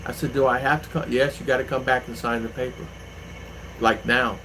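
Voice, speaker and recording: A man's voice: medium pitch, little pitch movement, fairly quick, fairly bright tone, a little hiss or hum, rough recording. A man hosting his own channel, chatting casually with viewers and rambling through stories with lots of fillers. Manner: rambling, anecdotal, with many fillers. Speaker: vlogger, channel host. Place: home in the Philippines.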